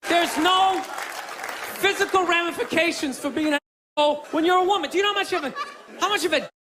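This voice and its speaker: A man doing a stand-up routine in rowdy, shouting rants. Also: very high voice, brisk. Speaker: stand-up comedian. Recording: noisy live club recording with crowd.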